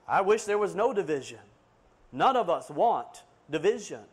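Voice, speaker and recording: A man preaching a fiery sermon, swinging between loud, emphatic declarations and hushed, quiet asides. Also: sits high, very animated, moderate pace, slightly rough.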